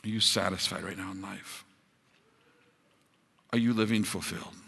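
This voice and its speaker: Guy pastor preaching, bright forceful voice, big hall echo, gets loud then goes real soft. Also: low-pitched, steady tone, moderate pace, creaky, husky. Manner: rises to emphatic peaks, drops to soft closing appeals. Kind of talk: sermon.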